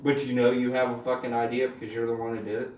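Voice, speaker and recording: A man telling stand-up stories in an animated, swearing style, acting out the people in them. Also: medium pitch, fast talker, roomy sound, distant mic, slight background noise. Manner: animated, swears freely, acts out voices. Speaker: stand-up comedian. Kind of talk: stand-up storytelling.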